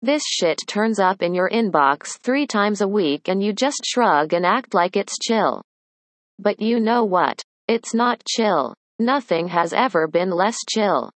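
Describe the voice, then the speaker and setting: A woman's voice: medium pitch, animated, slow, dry recording, voice pushed down. A woman voicing a furious, swearing woman ranting at a colleague in an audio drama. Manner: shouting, exasperated, sweary.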